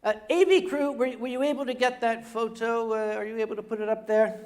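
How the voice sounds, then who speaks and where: A man's voice: very high-pitched, fairly even intonation, fairly quick, darkish tone. An older man telling a comic story live on a convention stage. He stammers and chats with the audience as he goes.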